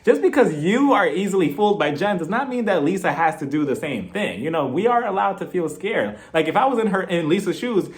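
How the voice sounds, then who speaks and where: A man giving a sassy, animated casual recap of a reality TV reunion, often mimicking the cast. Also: high-pitched, fairly quick, few pauses. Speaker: reality TV reviewer.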